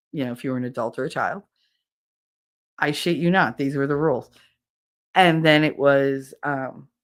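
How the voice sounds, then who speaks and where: A woman from the northern United States chatting casually on a livestream, telling a blunt, jokey, rambling family story. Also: a bass voice. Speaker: streamer.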